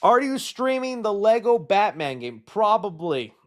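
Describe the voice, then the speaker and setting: Guy streaming live, reading chat and riffing, kinda high voice, rambly and jokey. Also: a little slow. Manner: rambling, animated, jokey, puts on silly voices. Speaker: live stream host answering chat questions.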